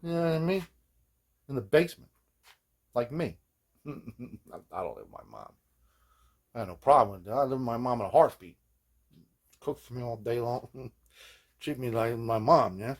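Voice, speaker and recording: A man talks through a guitar fix in a loose, rambling way, swearing freely and tossing in "man" and "you know what I mean" constantly. His pitch swings animatedly, and he often laughs at his own jokes. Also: expressive, moderate pace, long pauses. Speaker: host of a guitar repair video journal. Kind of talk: casual hands-on workshop chat.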